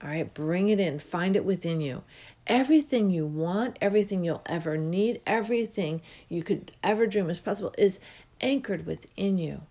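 A woman hosting a spiritual self-help show, talking earnestly and reflectively with drawn-out pauses. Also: on the low side, expressive, mellow. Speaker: host and life coach.

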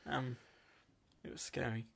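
Brief: male co-host, mid-pitch, teasing banter, laughs a lot. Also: fairly even intonation, a little slow, vocal fry, fairly bright tone, breathy edge. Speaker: podcast co-host. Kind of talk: casual chat.

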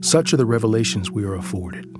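A man's voice: on the low side, animated, fast talker. A father telling a scripted personal story in a reflective, tender way, sometimes dropping to a whisper, over background music.

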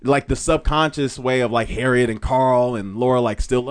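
A man with a Jamaican accent, a podcast guest, chatting casually and telling animated stories. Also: medium pitch, moderate pace, no room sound. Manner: animated storyteller who slips into voices. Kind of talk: casual chat.

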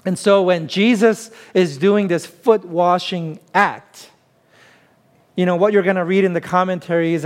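High-voiced man preaching conversationally. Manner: conversational, emphatic preaching with self-deprecating humor. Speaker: pastor. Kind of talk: sermon.

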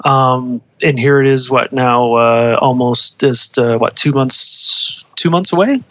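A man's voice: mid-range voice, slow, fairly bright tone, no room sound. A man who works as a uniform designer, speaking casually in an interview, with many ums, uhs and restarts. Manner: hesitant, many fillers and restarts.

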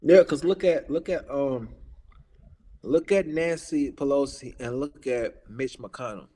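A man's voice: medium pitch, a little slow, dark tone, big-room sound. A man in his thirties ranting in casual talk, heated and profane, repeating his points with emphasis. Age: 30s. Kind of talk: casual political rant.

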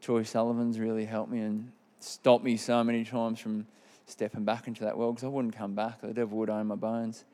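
With a warm, lowish and monotone voice at normal speed, a Queensland man in his thirties gives his personal testimony. His Australian-accented delivery is candid and meandering, packed with fillers.

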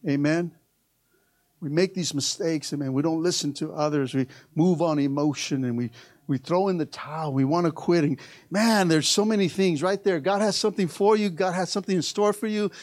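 High-voiced preaching man, dry sound. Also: normal speed, no room sound. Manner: preachy, rising to shouts, joking asides. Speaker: pastor. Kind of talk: sermon.

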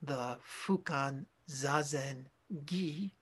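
Slow, husky-voiced man giving a dharma talk. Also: medium pitch. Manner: slow, reflective, with pauses and self-corrections. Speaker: Zen teacher.

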